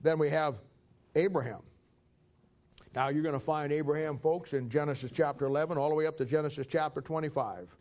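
A man's voice: on the high side, fairly quick, a little mellow. A man preaching a folksy, conversational sermon and acting out Bible stories.

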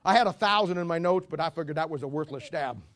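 A man's voice: a little high, quick pace, fairly bright tone. A man pastor preaching a sermon as a rambling, joking storyteller who walks about while he preaches.

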